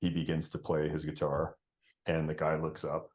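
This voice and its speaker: Male game master, very low voice, laid-back narration. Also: normal speed. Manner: relaxed, laughs often.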